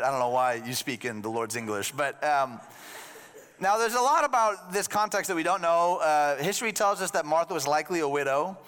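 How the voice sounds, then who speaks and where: A man delivers a sermon with a slightly raised pitch. He talks to the congregation in a loose, conversational way and drops in joking asides. His voice rings out with the long reverb of a large hall. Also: a little fast, a bit bright, clear, resonant tone. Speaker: pastor.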